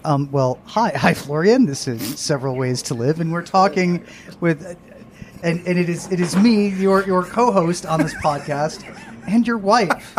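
A man's voice: fairly high pitch, unhurried. A man co-hosting a podcast in casual chat, wry and long-winded, joking at his own expense on a home balcony. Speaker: podcast co-host.

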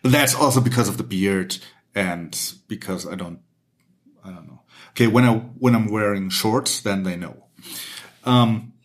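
German guy hosting a chat, lowish voice, lots of ums. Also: moderate pace. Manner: relaxed, hesitant, many fillers. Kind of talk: casual chat. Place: Mexico.

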